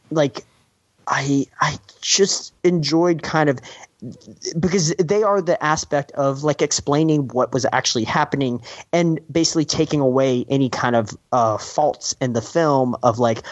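A man's voice: mid-range voice, normal speed, no room sound. A man co-hosting a podcast, chatting casually about a film in a rambling way, with many restarts and acted-out quotes. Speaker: podcast co-host. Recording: dull, slightly lo-fi dry sound.

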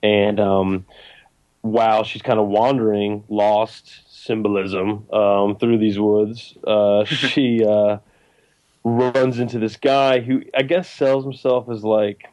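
A young man in casual conversation about a film, animated and full of fillers and restarts. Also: on the low side, slow, rough recording. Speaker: podcast co-host discussing a film. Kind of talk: casual chat.

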